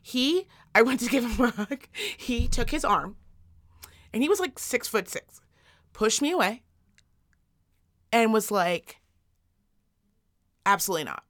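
A woman co-hosting a podcast, telling stories in casual chat, animated and swearing freely. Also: a little high, a little slow, long pauses. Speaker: podcast co-host.

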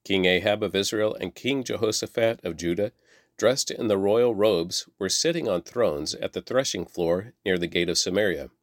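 A man reading a Bible passage aloud in a measured, plain way, lifting his voice for quoted lines. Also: deep voice, dry recording, clean studio sound. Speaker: Bible reader. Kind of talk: scripture reading.

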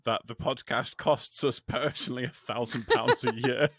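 A man co-hosting a podcast in casual chat, animated, laughing often and swearing freely. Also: mid-range voice, moderate pace, dry recording, studio quality. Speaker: podcast co-host.

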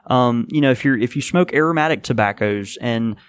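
Halting, filler-heavy male podcast co-host. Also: medium pitch, smooth, dry recording. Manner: halting, many fillers and restarts. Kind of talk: casual podcast chat.

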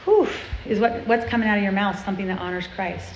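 A woman's voice: medium pitch, fairly even intonation, quick pace, a little hiss or hum. A woman giving an earnest, confessional talk to a group of girls, conversational and full of tag questions. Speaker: speaker at a girls' church event. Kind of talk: sermon. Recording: roomy, muffled sound with faint ambience.

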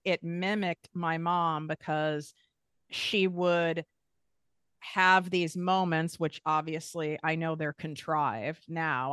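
A woman's voice: sits low, a bit bright, clean tone, no room sound, clean studio sound. A woman guest talking candidly about her own past, frank and emphatic, swearing casually. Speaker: podcast guest. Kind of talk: candid personal conversation.

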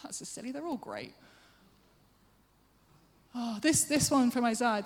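A woman's voice: a little high, animated, unhurried, pauses often. Chatty woman preacher in a reverberant hall. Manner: chatty, self-deprecating asides. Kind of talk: sermon.

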